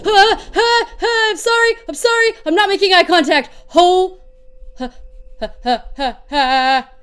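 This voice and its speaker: A woman's voice: very high voice, a little slow, fairly bright tone, slight background noise. A young woman playing a horror game on her channel, panicking, shrieking and laughing nervously as she talks. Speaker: let's play gamer.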